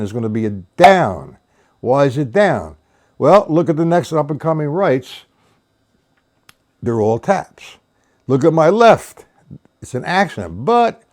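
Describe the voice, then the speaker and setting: Man, drum teacher, live stream lesson, slow delivery, lively up-and-down pitch, patient counting. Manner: encouraging, addresses viewers by name.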